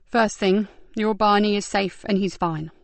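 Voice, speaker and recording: A steady, patient police detective, asking questions gently, as a woman narrator reads him. The voice stays near her own register, close and dry. Audiobook crime drama. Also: mid-range voice, a little slow, creaky, no room sound. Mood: calm. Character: calm male police detective. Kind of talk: audiobook character voice.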